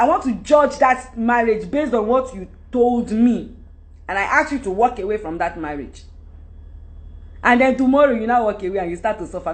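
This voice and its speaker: Her voice is a little high as this middle-aged livestream host, who has a Nigerian accent, rants unscripted into her phone. She comes across as preachy and animated, breaking into loud outbursts.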